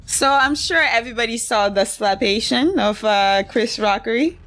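A woman's voice: fairly high pitch, normal speed, a bit bright, no echo. Blunt, outspoken woman podcaster. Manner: blunt, outraged, laughing often. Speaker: podcast host. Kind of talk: casual solo podcast monologue.

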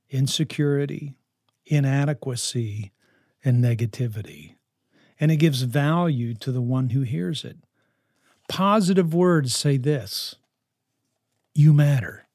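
A man's voice: medium pitch, darkish tone, dry recording, studio quality. An older man and grandfather giving an earnest, emphatic talk to grandparents, repeating his key phrases. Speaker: speaker on grandparenting.

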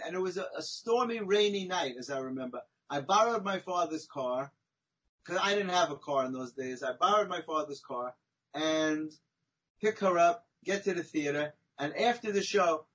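A man, a podcast guest, telling a long personal story in a chatty, animated way, often tagging his sentences with "right?" and "you know?". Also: high-pitched, slightly rough, poor audio. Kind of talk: conversational storytelling.

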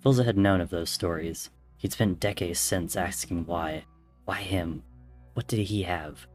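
A man narrating an audiobook-style story in a measured, somber way. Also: deep voice, darkish tone. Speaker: story reader. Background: faint music.

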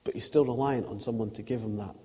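Male preacher, mellow, chatty sermon storyteller, long church echo. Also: mid-range voice, fairly even intonation, quick pace, a little hiss or hum. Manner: chatty storytelling with acted-out quotes.

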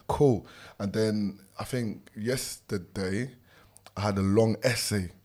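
A man's voice: fairly low pitch, steady tone, takes it slowly, a little mellow. A man, a podcast co-host telling stories in slang-heavy casual chat. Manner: laid-back storytelling, slang-heavy.

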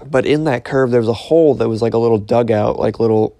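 A man's voice: mid-range voice, quick pace, dark tone, no room sound, clean studio sound. A young man casually retelling a dream, rambling with lots of fillers and restarts. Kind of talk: casual storytelling, recounting a dream.

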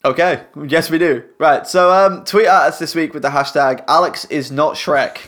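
A man's voice: on the high side, normal speed, fairly bright tone. A man hosting a podcast in casual chat, teasing the others as he wraps up the show. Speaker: podcast host.

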